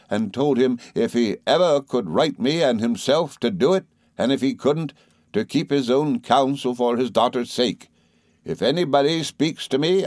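A man reading aloud as an elderly aunt, speaking slowly and deliberately in a slightly raised voice. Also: mid-range voice, darkish tone, dry recording, studio quality, close to an everyday voice. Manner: slow, deliberate, clipped. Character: stern composed elderly aunt, woman.

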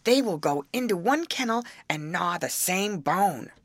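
A woman voicing a hoarse old male yard dog who grumbles on like a wise old-timer in a storybook, with a low, barking voice. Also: animated, a little slow, dry recording, full character voice. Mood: gruff.

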